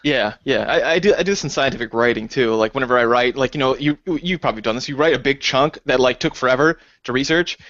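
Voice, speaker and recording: A man co-hosting a casual podcast chat, talking lively and slipping into high, exaggerated quoted voices. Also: quick pace, few pauses, no room sound. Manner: animated, jumps into high acted quotes. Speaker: podcast co-host. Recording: dull dry lo-fi recording.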